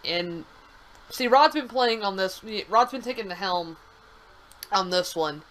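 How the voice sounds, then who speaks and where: A woman's voice: medium pitch, expressive, measured pace, a bit bright, poor audio. Chatty woman co-hosting a game stream. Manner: chatty, swears casually. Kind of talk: casual gameplay chat.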